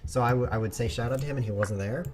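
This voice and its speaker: A man hosting a chess stream, chatting casually and joking through his moves, with sudden bursts and quiet mumbles. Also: medium pitch, very fast, noisy background. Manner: playful, jokey, rambling asides. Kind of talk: casual live commentary while playing.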